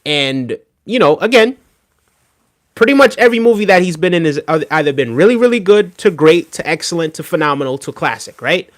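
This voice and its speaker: A man with a fairly high voice talks on a livestream, reacting to a clip and answering his chat. He presses his points emphatically and keeps tagging them with "right?". His delivery is loose and conversational. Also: expressive, fairly quick. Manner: emphatic, repeats "right?" often. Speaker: streamer reacting to video. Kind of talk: casual livestream reaction commentary.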